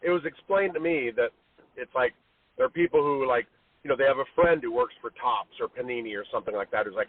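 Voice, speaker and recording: Husky man co-host on phone line. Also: medium pitch, fast, no echo. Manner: exasperated, trailing off and restarting. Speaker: podcast co-host. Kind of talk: casual chat.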